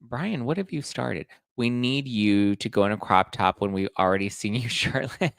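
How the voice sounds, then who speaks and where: A man's voice: medium pitch, gravelly, fairly bright tone, no echo, studio quality. A man hosting a casual gossip podcast, chatting and reading out audience comments. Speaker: podcast host. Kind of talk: casual pop-culture gossip chat.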